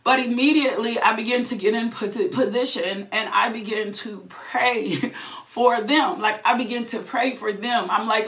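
A woman's voice: on the high side, moderate pace, a bit bright. A woman giving a fervent, emotional personal testimony, repeating phrases and breaking into laughter. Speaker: testifying believer. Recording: roomy echo.

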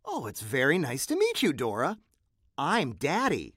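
A woman's voice: deep voice, huge pitch swings, measured pace, a bit bright, husky, no echo, heavily acted. A woman voicing an exasperated, crude middle-aged cartoon dad who swears. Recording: dry close recording.

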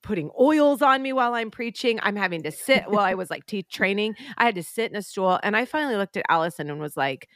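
A woman co-hosts a podcast, telling a story in casual chat with animated energy and frequent restarts. Her voice sits in a middle register. The recording is dry and close. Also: mid-range voice, quick pace, hardly any pauses, no echo. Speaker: podcast co-host and preacher.

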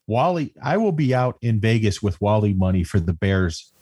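A man's voice: lowish voice, sing-song, normal speed, warm tone, breathy edge, dry recording. A man co-hosting a sports podcast, chatting casually and teasing his friend. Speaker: podcast co-host. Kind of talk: casual chat.

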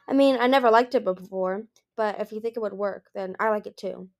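A woman voicing an eager, trusting young female dragon in a storybook reading, excited and high. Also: brisk, close to an everyday voice. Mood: giddy.

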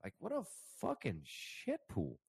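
A man in his thirties co-hosting a radio talk show, telling stories in a profane, animated way. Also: high voice, measured pace, creaky, breathy edge, dry recording. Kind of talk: casual on-air chat.

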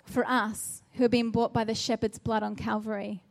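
A woman's voice: fairly high pitch, level tone, normal speed, vocal fry. A woman preaching a sermon, earnest and exhorting, with a run of searching rhetorical questions.

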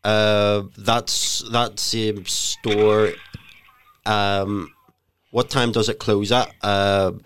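A man's voice: fairly low pitch, level tone, drawn-out words, a bit bright, clear, resonant tone. A man hosting a podcast, rambling hesitantly with many ums while making a prank phone call. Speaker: podcast host. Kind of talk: casual podcast chat, prank calling.

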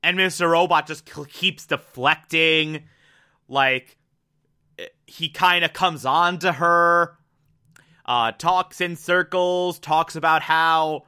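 A man recaps a TV episode in casual, excitable talk, full of fillers and the odd curse. His voice sits a bit high and sounds sharp and very bright. He takes his time. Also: clean tone. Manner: excitable, profane, filler-heavy.

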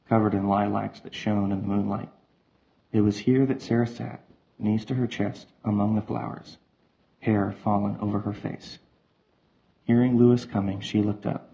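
Male narrator, low gravelly voice, very even delivery, slightly dull sound with faint music under it. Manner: steady, even reading. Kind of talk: audio drama narration.

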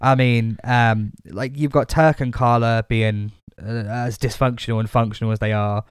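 A man's voice: medium pitch, steady tone, moderate pace, clean tone, no echo, clean studio sound. A young man, co-hosting a casual chat, rambling with restarts and laughing often as he talks. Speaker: podcast co-host.

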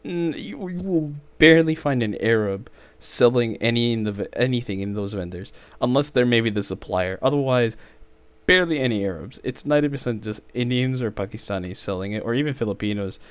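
A man's voice: fairly quick, clear, resonant tone, dry recording. A young man from the Middle East, a podcast guest, chatting casually and laughing often. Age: young adult. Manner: laughs often, animated with lively pitch. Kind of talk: casual chat.

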